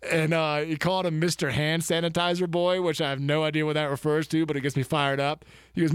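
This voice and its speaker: A man chatting loosely about sports on a podcast, excitable and quick to joke. His voice sits a little high for a man. The sound is dry and close, with no room around it. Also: clean tone, dry recording. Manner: excitable, rambling, joking. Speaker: podcast co-host. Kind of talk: casual sports chat.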